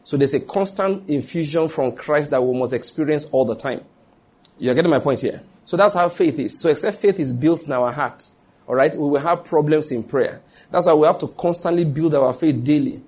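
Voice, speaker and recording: A man's voice: on the high side, moderate pace, a little mellow. A man preaching a sermon, often checking that his listeners follow him and restarting his phrases.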